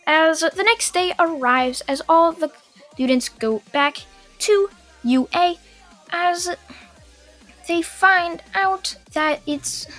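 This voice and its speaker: A young woman tells a fan story in a casual, run-on style, pausing with fillers as she goes. Her voice is high and unhurried, with faint music playing underneath. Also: a bit bright. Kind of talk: casual fan-fiction narration.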